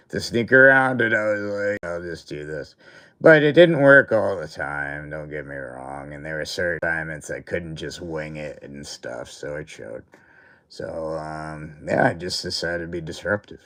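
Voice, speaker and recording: A man with a fairly low voice tells a school story on his livestream. He rambles, leans on filler words and keeps breaking into laughter as he talks. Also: a bit bright. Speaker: livestream host. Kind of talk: casual storytelling chat.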